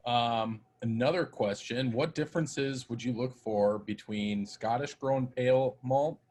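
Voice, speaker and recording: A man's voice: mid-range voice, a little slow, darkish tone. A man moderating a webinar over a video call, easygoing as he reads out audience questions.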